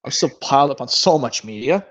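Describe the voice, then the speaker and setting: A man hosting a casual chat stream about his movie collection, talking in a rambling way with quick asides. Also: mid-range voice, lively intonation, fairly bright tone. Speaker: stream host. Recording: lo-fi stream audio.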